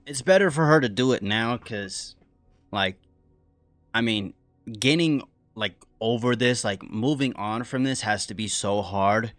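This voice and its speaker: A man reacting to a stream in casual commentary, rambling with many fillers and slang, dropping quiet and then bursting out loud. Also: medium pitch, unhurried, no echo, soft background music.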